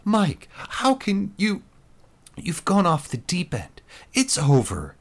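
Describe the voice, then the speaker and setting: A man's voice: high-pitched, huge pitch swings, slow, pitched above the performer's own voice, full character voice. A man voicing a furious defiant woman soldier. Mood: exasperated. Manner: spitting angry retorts.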